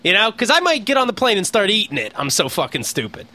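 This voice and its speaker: A man's voice: high voice, huge pitch swings, quick pace, bright, forceful tone. A man from Pennsylvania co-hosting a podcast, telling an exasperated, profane story in casual comedic chat. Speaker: podcast co-host.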